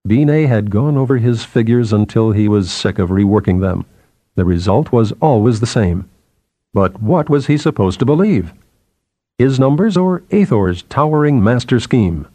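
A man narrates a story in a measured, expressive way, at a mid pitch typical for a man. The recording is dry and close, with no room sound. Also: no echo. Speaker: audiobook narrator. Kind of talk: scripted narration.

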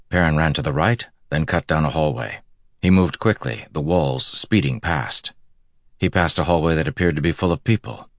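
A man with an extremely deep, low voice narrating a fantasy audiobook. He reads in a steady, measured way, recorded dry and close with no room sound. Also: no room sound.

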